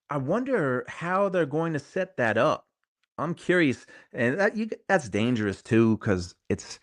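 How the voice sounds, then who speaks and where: A man's voice: a little high, dry recording, studio quality. Rambling middle-aged man chatting live. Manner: rambling, conversational, repeats phrases. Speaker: show host. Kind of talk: casual live-stream chat reading viewer comments.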